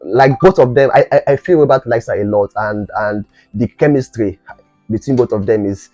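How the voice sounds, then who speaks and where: A man's voice: mid-range voice, normal speed, darkish tone, dry recording, soft background music. A young man from Nigeria, casually reviewing a series episode and rambling with many fillers and restarts.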